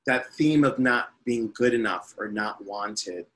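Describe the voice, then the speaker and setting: Bright-voiced man in his fifties. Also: lowish voice, unhurried, poor audio. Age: 50s. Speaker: guest, spiritual teacher. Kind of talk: personal storytelling in interview.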